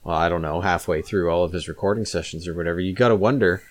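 Co-host, lower-voiced man, blunt and salty, casual. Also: fast. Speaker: podcast co-host. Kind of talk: casual chat.

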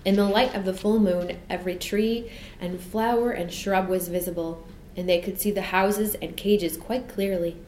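A woman narrating a children's storybook in a gentle, measured way. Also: medium pitch, steady tone. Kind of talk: storybook reading. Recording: echoey room, faint noise.

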